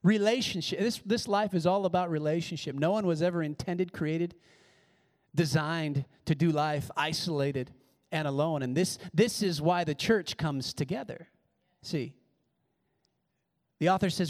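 A man's voice: fairly high pitch, moderate pace, a little mellow. A male pastor preaching a sermon, emphatic and repeating his key words. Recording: reverberant church hall.

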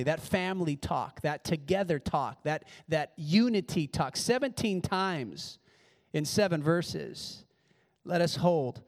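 A male pastor preaching a sermon, emphatic and repeating his key words. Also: a little high. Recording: reverberant church hall.

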